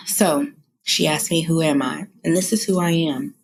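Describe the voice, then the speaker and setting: A woman's voice: sits low, moderate pace, breathy edge. A woman in her thirties, a podcast host, talking earnestly about her own healing and holding back tears. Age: 30s. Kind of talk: personal confessional talk.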